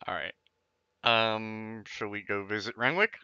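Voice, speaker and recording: Male player, very bright and animated, dry close sound, dull lo-fi mic. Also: lowish voice, clear, resonant tone, no echo. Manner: halting, lots of restarts, playful. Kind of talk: casual tabletop play over voice chat.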